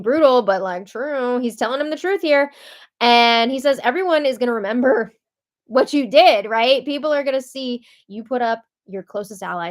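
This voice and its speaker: A woman hosting a casual reality TV recap, chatty and opinionated as she reads out quotes. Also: mid-range voice. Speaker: recap show host.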